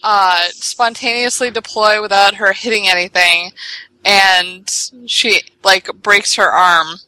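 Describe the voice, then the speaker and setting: A woman's voice: mid-range voice, steady tone, slow pace, bright, forceful tone, no room sound, rough recording. A woman co-hosting a podcast who talks in a giggly, casual way. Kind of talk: casual chat.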